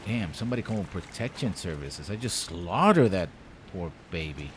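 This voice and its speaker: A man with a somewhat low voice talks his way through a game on a live stream, thinking out loud and tossing off puns. His commentary is loose and rambling. A steady wash of background noise sits under the voice. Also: brisk. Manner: rambling, jokey self-talk with puns.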